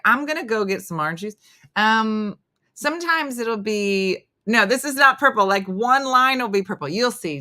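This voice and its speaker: A woman's voice: medium pitch, bright, forceful tone. Chatty woman hosting a casual live stream. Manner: chatty, self-deprecating, reads viewer comments aloud. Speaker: comedian hosting a live morning show.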